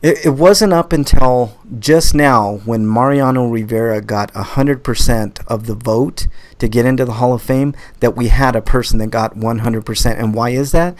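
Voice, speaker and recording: A man hosting a live podcast in casual chat, animated and swearing, often repeating words as he starts. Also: medium pitch, moderate pace, few pauses. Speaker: podcast host.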